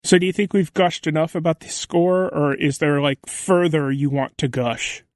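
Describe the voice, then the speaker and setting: A man's voice: fairly high pitch, steady tone, moderate pace, no room sound. A man co-hosting a podcast in casual chat, enthusiastic and talkative. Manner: enthusiastic, chatty. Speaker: podcast co-host.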